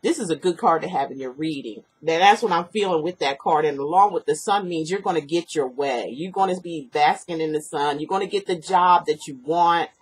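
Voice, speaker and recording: Husky-voiced woman giving a rambling tarot reading. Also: sits low, brisk, few pauses. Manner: rambling, earnest, repeats herself, lots of fillers. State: sniffly from allergies. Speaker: tarot reader. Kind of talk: personal tarot reading to camera.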